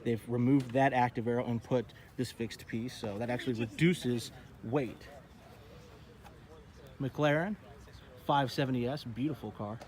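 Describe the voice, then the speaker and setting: A man's voice: mid-range voice, fairly even intonation, unhurried, long pauses, darkish tone. A man hosting a casual walkaround of an outdoor car show, chatty and enthusiastic, talking straight to his viewers. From Texas. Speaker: host.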